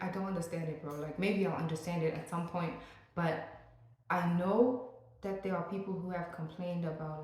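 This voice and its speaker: A young woman vlogging in a casual, joking rant, full of playful asides. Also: fairly low pitch. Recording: very echoey room.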